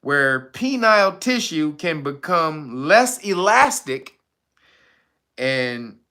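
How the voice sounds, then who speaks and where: A man's voice: a little high, sing-song, takes it slowly, bright, forceful tone. A man hosting a livestream, reading a news item and riffing on it with crude jokes, laughing often and greeting viewers in the chat. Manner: laughs a lot, crude and rambling, reads chat names aloud. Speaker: livestream host. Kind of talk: loose comic commentary on a livestream.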